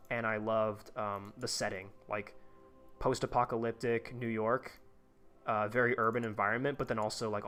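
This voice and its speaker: Give me a young male streamer rambling casually over gameplay at a middle pitch. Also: a bit bright. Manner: rambling, many fillers and restarts. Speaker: live streamer.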